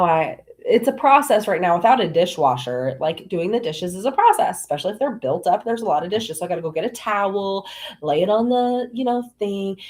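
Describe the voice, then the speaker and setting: A woman hosting a casual spiritual talk from her home, telling stories animatedly and acting out her conversations with God. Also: medium pitch. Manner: animated storytelling, acting out her talks with God in shifting voices. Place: at home, indoors.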